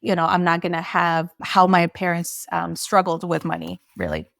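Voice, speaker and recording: A woman's voice: fairly low pitch, level tone, moderate pace, gravelly, fairly bright tone, dry recording, studio quality. A woman hosting a podcast interview, a mother of two young children, thinking aloud and asking her guest questions. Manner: reflective, asks questions openly.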